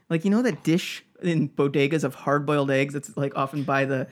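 A man's voice: fairly high pitch, moderate pace. A man co-hosting a podcast, telling a funny story in a casual way, laughing often and acting out the people he quotes. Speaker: podcast co-host.

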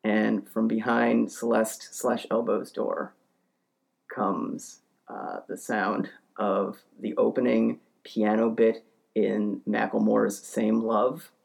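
Gravelly, rambling comic storyteller. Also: medium pitch, little pitch movement, slow, darkish tone. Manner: rambling, profane, self-deprecating. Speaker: podcast co-host.

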